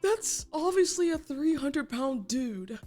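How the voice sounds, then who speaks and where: A woman putting on the voice of a dopey male internet guy, drawling slowly and sneering. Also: sits high, animated, mellow, soft background music. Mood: mocking.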